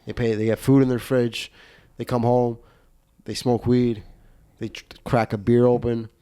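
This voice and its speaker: A male podcast host chatting casually and telling stories with a middle-pitched voice. He rambles, swears freely and restarts his sentences as he gets animated. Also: normal speed, clean tone. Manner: rambling, profane, animated storytelling with many restarts. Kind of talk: casual comedic chat.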